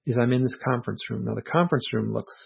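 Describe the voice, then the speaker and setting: A man with a gravelly, husky edge to his voice talks through a personal story as an interview guest. He is earnest and reflective, acting out his own thoughts in quotes. The audio sounds muffled and low-fidelity. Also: fast talker. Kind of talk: casual conversational storytelling.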